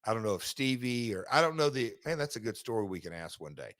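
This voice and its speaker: Man, middle-aged, podcast host, relaxed storytelling, medium pitch. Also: fast. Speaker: podcast host, former wrestler. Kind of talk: casual chat and read sponsor ad.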